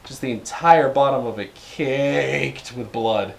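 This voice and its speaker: A man's voice: medium pitch, slow, gravelly. A young man co-hosting a podcast, telling a story in casual chat with profanity and frequent laughter. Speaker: podcast co-host.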